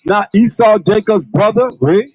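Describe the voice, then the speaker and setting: A man's voice: high-pitched, measured pace, darkish tone, breathy edge, no room sound, rough recording. A man preaching a livestreamed sermon in a casual, repetitive way, full of rhetorical questions and calling on a reader to read. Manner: colloquial, calls on a reader to read. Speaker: priest.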